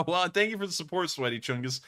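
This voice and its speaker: A man hosting a casual livestream, answering donations and reacting with excitable, rambling chatter full of fillers. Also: high voice, a little fast.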